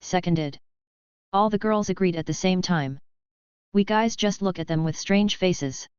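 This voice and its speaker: A woman narrating a web novel audiobook in an even, steady reading voice. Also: on the low side, a little slow, smooth, no echo, lo-fi sound.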